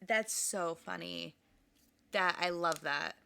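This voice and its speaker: A woman's voice: lowish voice, takes it slowly, creaky, bright, forceful tone, smooth. A woman co-hosting a podcast, chatting casually about a book and its film, laughing often and trailing off mid-sentence. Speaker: podcast co-host.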